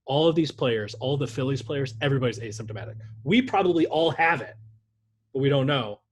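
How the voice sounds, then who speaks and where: Husky-voiced man riffing on sports. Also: medium pitch, expressive, fairly quick. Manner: rambling, joking, swears freely. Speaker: podcast co-host. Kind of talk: casual sports podcast chat.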